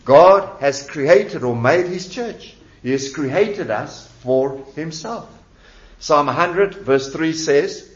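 A man's voice: fairly high pitch, animated, takes it slowly. A man preaching a sermon as pastor, emphatic and repeating key words with rising and falling delivery. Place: church. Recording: echoey church hall, dull lo-fi sound.

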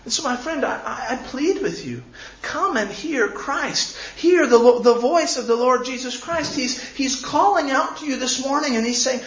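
A man's voice: very high voice, lively intonation, moderate pace, a bit bright. A man preaching a sermon as pastor, earnest and pleading, often repeating words as he goes. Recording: echoey, slightly dull room recording.

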